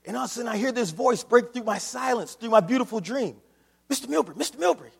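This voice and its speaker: A man preaching a sermon, telling a story dramatically and swinging between hushed asides and emphatic lines. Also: very high voice, fast talker, gravelly, in a large hall.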